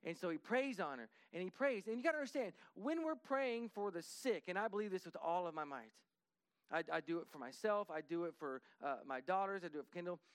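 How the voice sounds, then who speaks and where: A man with a strikingly high voice tells a story in a lively, chatty manner, speaking a little fast and smoothly. He restarts and repeats himself a lot, acting out dialogue and lowering to a hushed voice whenever he quotes others. The recording is close and dry with no room sound.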